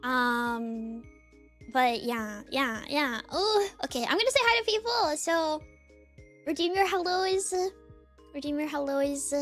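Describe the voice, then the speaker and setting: Super high-pitched woman streaming from her desk, bouncy and up-and-down, lots of "like" and "um", quiet music behind. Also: lively intonation, slow. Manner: bubbly, filler-heavy, greets viewers one by one. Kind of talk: casual live-stream chat. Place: home desk.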